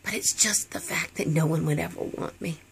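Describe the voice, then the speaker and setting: A middle-aged woman talking candidly and earnestly to her viewers, sometimes dropping into a soft whisper. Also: sits low, moderate pace, gravelly, a little hiss or hum. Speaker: Christian counseling vlogger. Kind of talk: candid personal talk to viewers.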